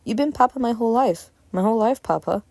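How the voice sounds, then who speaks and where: A woman's voice: on the high side, lively intonation, fast talker, a little mellow, no room sound, pitched above the performer's own voice. A woman voicing a frightened little boy who speaks with a Russian accent, pleading and earnest.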